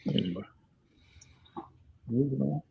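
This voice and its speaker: A man's voice: medium pitch, animated, a little slow, creaky, slightly rough, highs cut off. A man hosting a casual livestream hangout, telling profane stories and laughing often. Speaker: podcast host.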